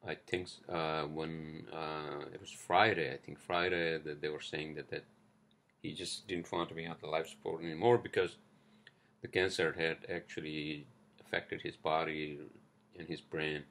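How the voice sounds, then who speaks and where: Gravelly low-voiced man rambling on a podcast. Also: level tone, moderate pace, fairly bright tone. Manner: rambling, profane, many fillers. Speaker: podcast host. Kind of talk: casual solo podcast rambling. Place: indoors at home, street traffic outside. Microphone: cheap headphones.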